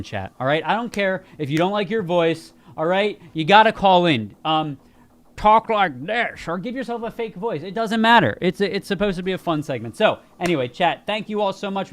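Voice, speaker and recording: A man co-hosting a live gaming stream, talking in an animated, jokey, rambling way. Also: sits high. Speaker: podcast co-host. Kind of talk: casual stream chat.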